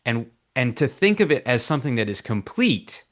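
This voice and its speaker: A man's voice: medium pitch, sing-song, normal speed. Casting: man, mid-range voice, reflective radio panelist who thinks aloud. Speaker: reporter guest. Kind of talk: radio talk show discussion.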